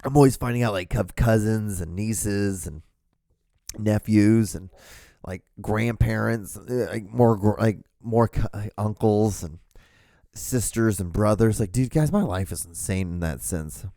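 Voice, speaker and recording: A man's voice: lowish voice, measured pace, creaky, dark tone, no room sound, studio quality. A man in his thirties hosting a podcast alone, rambling casually with lots of fillers, restarts and swearing. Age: 30s. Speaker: podcast host.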